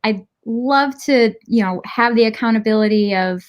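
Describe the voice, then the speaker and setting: A woman guest in a casual interview who tells her story in an animated way, acting out the dialogue she quotes and laughing as she goes. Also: on the high side, moderate pace, dull audio. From Michigan, United States.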